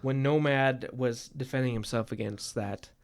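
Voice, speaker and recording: A man's voice: mid-range voice, steady tone, normal speed. A man co-hosting a podcast, thinking aloud about a book in casual chat, often stammering and repeating words. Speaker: podcast co-host.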